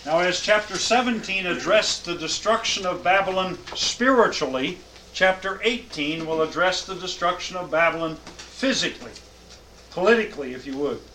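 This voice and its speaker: A man's voice: high voice, lively intonation, moderate pace, pushed and bright, slight background noise, poor audio. A man teaching a Bible class, reading scripture aloud with emphatic cadence and then explaining it.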